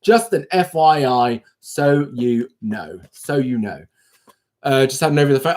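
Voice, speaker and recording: A man hosting a casual livestream, chatting playfully and answering viewers' comments aloud, with sudden high exclamations. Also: expressive, unhurried, a little mellow. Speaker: livestream host.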